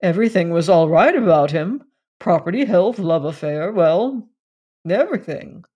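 A reader voicing a tired, worn-out gentleman at a club who tells a puzzling story in a low but distinct, unhurried voice. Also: lively intonation, breathy edge. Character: tired clubman telling a strange story, man. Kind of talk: audiobook reading of a story.

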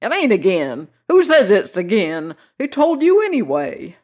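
A reader voicing a querulous old man with a cracked, shrill voice who snaps back at teasing. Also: wildly swooping pitch, measured pace, a little mellow. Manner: snapping, screaming protests.

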